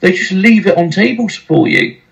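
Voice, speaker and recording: A man's voice: high voice, sing-song, moderate pace, creaky, low-quality recording. A male podcast host talking casually and wryly about running a site.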